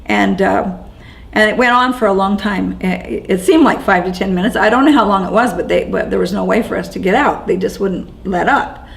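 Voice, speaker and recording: Interviewee, woman, mid-pitched with gravelly fry; halting, shaken eyewitness telling, lots of restarts. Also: rough recording. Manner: halting and shaken, with frequent restarts and repeated words. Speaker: interviewee recounting events as an eyewitness. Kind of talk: first-person eyewitness account.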